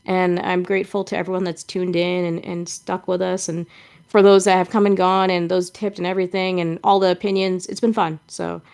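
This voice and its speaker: A woman's voice: on the low side, little pitch movement, a little fast, creaky, darkish tone, clean tone. A woman co-hosting a live-stream podcast who chats in a blunt, laid-back, teasing way. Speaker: podcast co-host. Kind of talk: casual live-stream chat.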